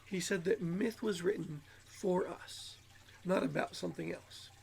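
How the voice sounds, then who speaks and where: A channel host rambles through a self-help monologue, musing aloud and repeating words, his voice high with vocal fry and a touch nasal from allergies. He speaks a little slowly over slight background noise.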